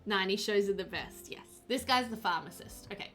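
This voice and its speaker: A woman's voice: medium pitch, animated, fairly quick, hardly any pauses, a bit bright, faint music behind. A woman streaming a game, chatting casually and giggling with her viewers. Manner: giggly, chatty, talks to chat.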